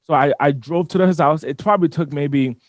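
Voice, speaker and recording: A man telling a personal story as an interview guest, animated and often repeating and restarting his words. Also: a little high, fairly quick, dry recording. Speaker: business owner guest. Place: studio.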